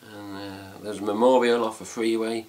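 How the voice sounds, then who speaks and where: A man's voice: on the low side, flat delivery, moderate pace, darkish tone. A man with an English accent chatting casually to camera about a trip, rambling with fillers and mild swearing. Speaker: fan site vlogger. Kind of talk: casual chat.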